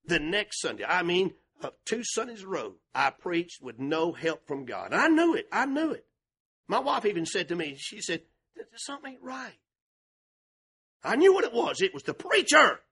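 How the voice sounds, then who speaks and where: An older male pastor preaching with passion, swinging between shouted and hushed delivery. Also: high voice, huge pitch swings, normal speed, breathy edge. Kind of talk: sermon.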